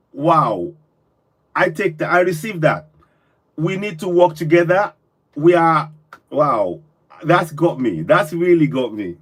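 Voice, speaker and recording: A man's voice: a little high, fairly bright tone, breathy edge. A man hosting a live call-in stream, effusive and full of repeated thanks. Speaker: host.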